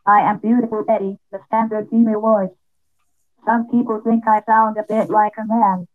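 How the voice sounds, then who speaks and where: A vintage speech synthesizer voicing a standard female computer voice, robotic and flat. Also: medium pitch, moderate pace, natural voice. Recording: tinny phone-like playback.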